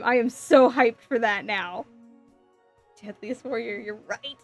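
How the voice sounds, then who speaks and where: A woman with a slightly high voice chats casually on a live stream from home, giggling often and thinking out loud as she reads comments. Faint music plays quietly behind her. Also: slow, long pauses. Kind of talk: casual live-stream chat, reading chat aloud.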